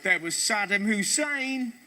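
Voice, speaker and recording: High-voiced man doing comedy news. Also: lively intonation, heavy background noise. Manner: quick jokey delivery with sudden put-on voices. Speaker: comedy show host. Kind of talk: stand-up news comedy monologue.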